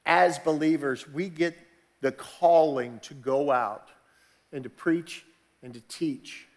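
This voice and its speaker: Man, pastor, sermon, slightly high voice, conversational asides, builds to fervent emphasis. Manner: builds from quiet, measured teaching to raised, emphatic preaching.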